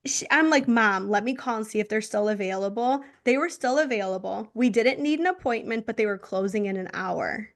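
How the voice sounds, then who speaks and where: A young woman co-hosting a podcast, telling a story in an animated, chatty way. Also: on the high side, a little fast, hardly any pauses. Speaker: podcast co-host. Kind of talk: casual chat.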